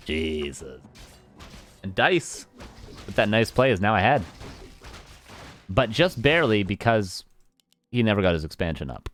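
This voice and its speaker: A man's voice: lowish voice, very animated, unhurried, pauses often, fairly bright tone. A Canadian man casting a live strategy game match, chatty and self-mocking, thanking viewers by name between plays. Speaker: esports caster.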